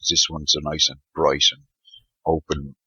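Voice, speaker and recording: Male co-host, very low husky voice, dry muffled recording. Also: flat delivery, measured pace, pushed and bright, dry recording. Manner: chatty storyteller, laughs often. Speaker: podcast co-host. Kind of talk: casual chat. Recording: slightly muffled lo-fi audio.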